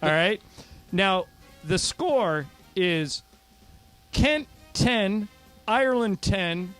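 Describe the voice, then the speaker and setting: High, lively-voiced male radio host. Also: soft background music. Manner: brisk and jokey, keeps score. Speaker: radio show host running a quiz. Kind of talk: casual sports radio banter.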